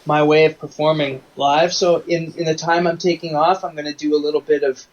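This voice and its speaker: A man's voice: on the high side, level tone, brisk, dull audio. A man from Canada, a singer-songwriter appearing as an interview guest, who tells rambling anecdotes full of restarts. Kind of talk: casual interview chat.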